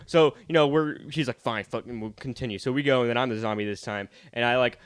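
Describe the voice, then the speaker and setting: A man's voice: mid-range voice, fast talker, clear, resonant tone, no room sound, clean studio sound. A young man on a podcast telling rambling childhood stories in casual chat, swearing freely and acting out quotes. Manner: rambling storyteller, swears a lot, acts out quotes. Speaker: podcast co-host.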